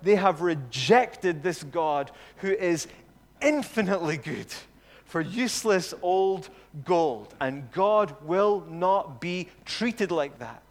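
A man preaching a sermon, earnest, slowing down and growing louder on his key points. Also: sits high, animated. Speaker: pastor. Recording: long hall reverb.

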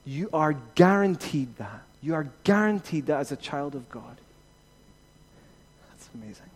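A man preaching a sermon as pastor, rising to emphatic peaks and then dropping to quiet reassurance. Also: on the high side, lively intonation, unhurried, husky.

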